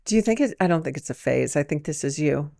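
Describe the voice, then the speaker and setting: Middle-aged female co-host, low smooth voice, teasing and quick to laugh, dry close sound. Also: expressive, warm tone, no echo. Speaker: podcast co-host. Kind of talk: casual chat.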